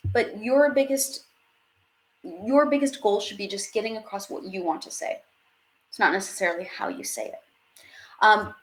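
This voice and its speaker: A young woman teaching a live online language class, chatty, laughing often and dropping French phrases into her English. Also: medium pitch. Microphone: webcam or headset on video stream.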